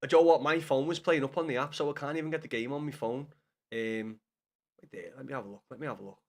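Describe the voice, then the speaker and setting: A young man chatting casually with viewers on a live gaming stream, swearing often and bantering loudly with chat. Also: medium pitch, fairly even intonation, quick pace.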